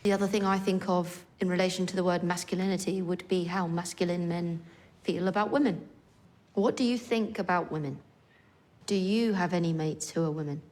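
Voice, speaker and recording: An actress playing a psychologist who asks calm, probing questions in a TV drama. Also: female voice, on the low side, brisk, lightly acted. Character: composed adult female psychologist. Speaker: psychologist interviewing a boy. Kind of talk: TV drama acting.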